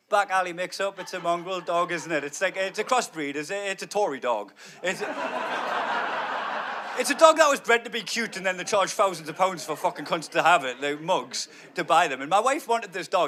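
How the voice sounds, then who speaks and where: A man, doing brash, sweary stand-up on stage through a microphone, dropping to low mutters and rising to loud bursts. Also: lively intonation, moderate pace, crowd noise. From North East England. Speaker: stand-up comedian. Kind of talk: stand-up comedy. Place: theatre stage before a live audience.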